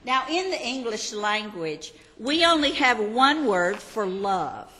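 A woman's voice: fairly high pitch, big pitch swings, slow pace, fairly bright tone, long reverb tail. An older woman, teaching a Sunday school Bible class in a chatty, self-deprecating, homey way.

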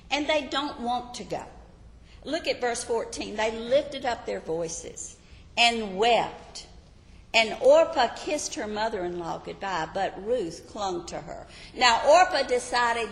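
Slow, emphatic woman teaching in an echoey hall. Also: medium pitch, expressive, slight background noise. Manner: emphatic, repeats key phrases, questions the audience. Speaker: Bible teacher. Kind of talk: sermon. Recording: echoey hall with long reverb.

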